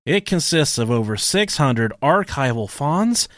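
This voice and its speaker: A man co-hosting a podcast, with a profane, joking manner. His pitch swings widely as he talks. The sound is close and dry. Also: measured pace, no echo. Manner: profane, joking, lively storytelling. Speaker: podcast co-host. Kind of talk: crude casual podcast banter.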